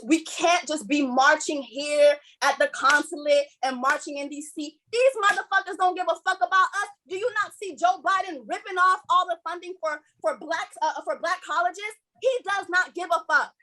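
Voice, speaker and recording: A woman's voice: sits high, normal speed, few pauses, sharp tone. A woman from Haiti speaking on a panel, emphatic and blunt, swearing freely as she makes her points. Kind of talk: impassioned panel talk.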